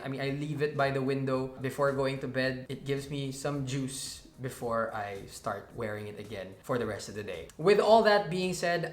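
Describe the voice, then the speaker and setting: A man's voice: medium pitch, fairly bright tone. A man from the Philippines hosting a casual, chatty tech review to camera. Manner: chatty and playful. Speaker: tech reviewer, channel host. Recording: echoey room.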